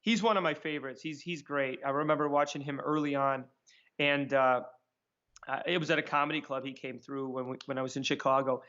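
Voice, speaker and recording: A man telling sarcastic, animated anecdotes as a guest in a casual interview. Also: mid-range voice, fairly quick, muffled recording. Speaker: magician guest.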